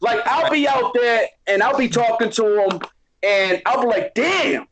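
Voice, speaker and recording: High-voiced man with a Boston accent. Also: normal speed, a bit bright, a little hiss or hum, poor audio. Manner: streetwise, preachy, keeps asking "you know what I mean?". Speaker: podcast guest. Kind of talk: casual chat.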